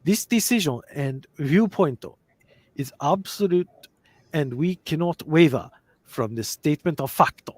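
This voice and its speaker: A man voicing a male Japanese official with a put-on Japanese accent, speaking slowly and stiffly. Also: on the high side, animated, no room sound, voice pushed up. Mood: stern.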